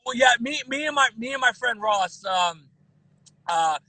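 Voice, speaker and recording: A man in his thirties guesting on a podcast, talking in an animated way with lots of restarts and repeated words. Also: very high voice, measured pace, slight background noise, rough recording. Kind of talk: casual podcast chat.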